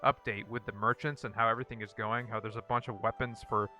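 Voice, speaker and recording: Male gaming host, bright tense tone, dry repetitive verdicts, faint music underneath. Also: fairly low pitch, quick pace. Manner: repeats one-word verdicts in a dry, flat way. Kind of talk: casual gameplay commentary.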